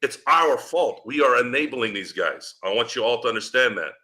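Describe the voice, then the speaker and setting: A man with a very bright, forceful voice tears into his team in a profane postgame rant. He fires off rhetorical questions as a fan-show host. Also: mid-range voice, animated, normal speed. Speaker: podcast host.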